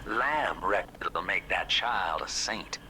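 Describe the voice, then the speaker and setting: A folksy, conspiratorial older man talks to the hero over the radio. His tone is bright and forceful, and his pitch sits fairly low. There is a faint hiss behind him. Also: expressive, takes it slowly, exaggerated voice, poor audio. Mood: urgent. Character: wry older male radio guide, calls everyone chief.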